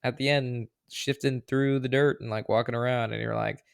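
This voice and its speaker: A man with a gravelly, fry-filled voice at middle pitch chats on a podcast in a relaxed, joking manner. The recording is dry and close-miked. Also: moderate pace, no echo. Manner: laid-back, joking, says "bro". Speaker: podcast co-host. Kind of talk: casual chat.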